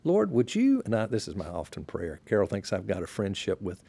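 A man, a pastor, talking as a podcast guest in a relaxed, reflective way, sharing stories unhurriedly and often restarting his sentences. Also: fairly low pitch, brisk, vocal fry, breathy edge. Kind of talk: relaxed conversational storytelling.

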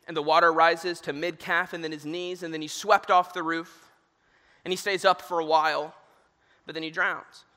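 A man's voice: high voice, sharp tone. A young man who is a youth minister giving a sermon, telling stories earnestly with touches of humor. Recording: reverberant hall.

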